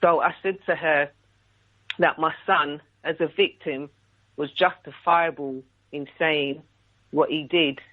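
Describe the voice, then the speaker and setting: A woman's voice: sits low, slow. A woman phones in to a radio talk show and tells her story with indignant energy. She acts out the other voices as she goes. The sound is thin and tinny, like a telephone line. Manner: indignant, animated retelling with quoted dialogue. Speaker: radio caller. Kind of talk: call-in story telling.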